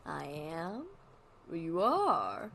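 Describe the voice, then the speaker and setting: Woman playing deadpan male puppet neighbor, quiet, flat and low. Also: very slow, vocal fry, a little hiss or hum, full character voice.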